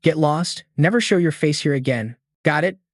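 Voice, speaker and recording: A contemptuous old clan elder speaks with open scorn and threats, voiced by a man narrating a recap. The voice sits fairly high for a man. The sound is close and dry. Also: normal speed, no echo, natural voice. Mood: scornful.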